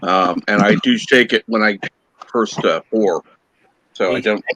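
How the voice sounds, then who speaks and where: A man hosting a casual podcast chat, talking in a halting way with many fillers and restarts. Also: on the low side, fairly bright tone, no echo, rough recording. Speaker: podcast host.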